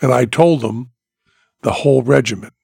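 A man hosting a podcast, telling a story with animated comic flair, profane and acting out both sides of a dialogue. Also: mid-range voice, normal speed, creaky, slightly rough, no echo, studio quality. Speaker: podcast host.

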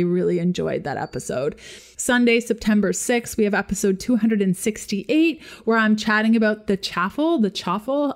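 A chatty woman talks straight to her listeners in a casual solo podcast, with a voice pitched in the everyday middle range. She is earnest and upbeat, leans on repeated words for emphasis, and laughs easily as she goes. She records at home. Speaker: podcast host. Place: home room with her dog nearby.

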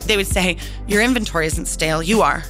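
Woman, middle-aged, emotional storytelling, lively quoted voices, music behind. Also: on the low side, quick pace. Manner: animated, acts out quoted voices. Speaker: interview guest.

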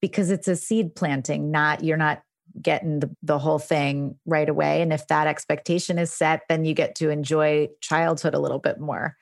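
A woman's voice: low voice, steady tone, normal speed, gravelly, dry recording, studio quality. A woman hosting a podcast, talking in a thoughtful, affirming way. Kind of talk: casual podcast chat.

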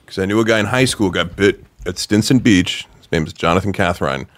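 A man with a very low voice telling a story in a loose podcast chat. He rambles, pauses and fills gaps. The delivery is casual and unhurried. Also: fairly bright tone. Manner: rambling, hesitant, many fillers.

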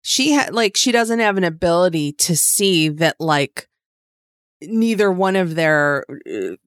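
Woman, lowish voice, casual podcast co-host, chatty, dry sound. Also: sing-song, measured pace, no echo. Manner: chatty, many fillers, swears casually. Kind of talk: casual chat recapping a reality show.

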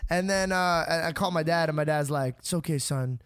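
Young man telling a story, animated. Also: fairly high pitch, fast talker, clear, resonant tone, dry recording, clean studio sound. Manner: animated, swears freely, acts out quotes. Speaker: podcast host. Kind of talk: casual storytelling chat.

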